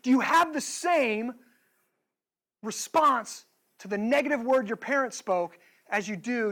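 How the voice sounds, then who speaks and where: A man's voice: extremely high pitch, normal speed, fairly bright tone, low-quality recording. A male pastor preaching a sermon, pressing the listeners with emphatic rhetorical questions.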